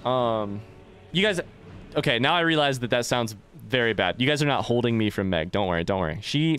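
A man's voice: lowish voice, smooth. A young man doing live gameplay commentary, rambling, joking and swearing as he chats to his viewers. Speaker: let's play streamer.

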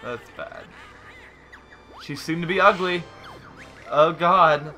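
A man's voice: a little high, takes it slowly, pushed and bright, soft background music. Teasing man in gaming banter. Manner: teasing, joking, often laughing. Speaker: let's play co-host.

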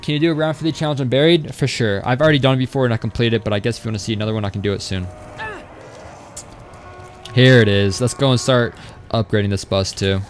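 A young man live-streams a game at a quick pace and medium pitch, faint music behind him. Casual and rambling, he reads viewer chat aloud as he plays.

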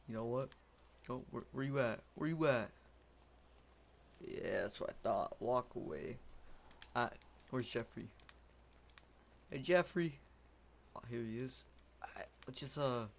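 Slight background noise accompanies a young man's mid-range voice as he plays a game. He's a commentator delivering casual, goofy, rambling remarks while yelping and laughing.

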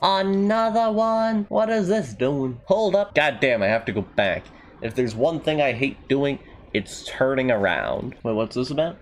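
Man, mid pitch, gaming commentary; jokey, excitable, swears, very lively pitch. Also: normal speed, slight background noise. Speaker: gamer. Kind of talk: let's play commentary.

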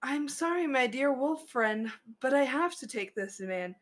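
A woman's voice: high-pitched, animated, a little slow. A woman voicing a mind-controlled bronze dragon who speaks politely and apologetically in a tabletop game story. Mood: apologetic.

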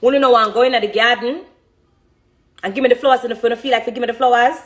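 With a fairly high, steady-toned voice and a very fast delivery, a middle-aged dancehall artist with a Jamaican accent discusses her music. The interview is emotional, and she speaks with passion and emphasis.

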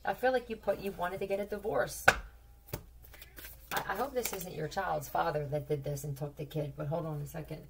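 A woman with a gravelly, slightly low voice talks through a tarot reading in a loose, rambling way. She is blunt and profane, doubles back on her words and keeps throwing questions at the listener. A faint hiss sits under the recording. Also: fairly even intonation, fairly quick, recorded from a distance. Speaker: tarot reader. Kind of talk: casual tarot reading to camera.

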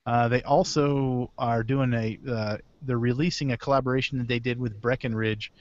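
A man's voice: mid-range voice, steady tone, normal speed, no room sound, muffled recording. A man hosting a casual beer podcast over a video call, rambling through release news and correcting himself as he goes. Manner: rambling, self-correcting, chuckles between items. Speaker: podcast host.

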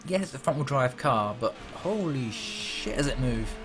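A gaming channel host jokes and swears as he casually commentates on a racing game in a let's play, with music playing behind him. His mid-range voice is animated and moves at a moderate pace.

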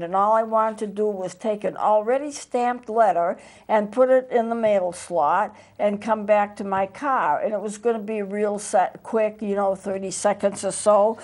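A woman's voice: a little high, a little mellow. A woman pastor hosting a TV show, telling a personal story in an earnest, conversational way with some hesitant restarts, recorded in a TV studio.

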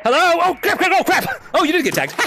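A man hosting a virtual reality game lobby on a live stream, shouting callouts, repeating himself and laughing often as he plays at home. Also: very high voice, huge pitch swings, moderate pace, gravelly, noisy background. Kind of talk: excited live gameplay commentary. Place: at home playing in VR.

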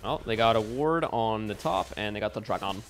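A man giving live gameplay commentary as a streamer at home, excitable and bursting into yells and laughs. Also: on the low side, a little fast. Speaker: gaming streamer. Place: home room with window open.

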